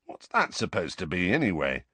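A man's voice: sits low, huge pitch swings, moderate pace, sharp tone, breathy edge, dry recording, full character voice. Guy doing a cheeky teen boy twin, jokey, lots of ups and downs. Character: joking teenage boy, one of twins.

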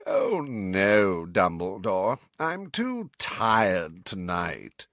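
A man voicing a haughty old male wizard in a portrait, with a reedy, drawling voice and a slow, put-upon manner. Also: lowish voice, lively intonation, fairly bright tone, dry recording. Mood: languid.

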